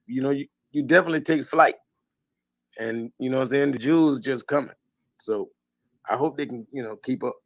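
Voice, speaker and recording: A male host talks in an easygoing, slangy way, peppered with "like" and "you know". His pitch sits in a middle range for a man. The recording is dry and close. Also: fairly quick, long pauses, no room sound. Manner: laid-back, fills with "like" and "you know", slang. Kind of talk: casual chat.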